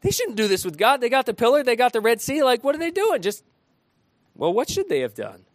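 A man preaching an interactive sermon, animated and often asking his listeners questions. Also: very high-pitched, a little fast, no room sound, clean studio sound. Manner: animated, asks the room questions.

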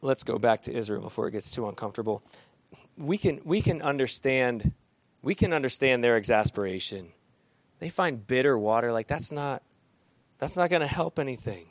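A man preaching an interactive sermon, animated and often asking his listeners questions. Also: medium pitch, normal speed, no echo. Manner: animated, asks the room questions.

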